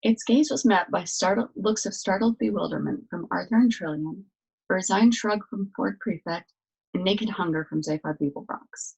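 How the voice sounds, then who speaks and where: A woman reading a novel aloud as a storyteller, with steady, expressive narration. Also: medium pitch, moderate pace, vocal fry, slightly rough, poor audio.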